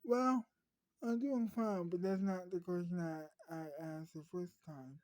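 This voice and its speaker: Patrick is a fretful, caring husband rattling off anxious questions, as a woman narrator plays him. The tone is mellow and low-key, with a close, dry sound. His delivery stays slow between the bursts. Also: dry recording, lightly acted. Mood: mild.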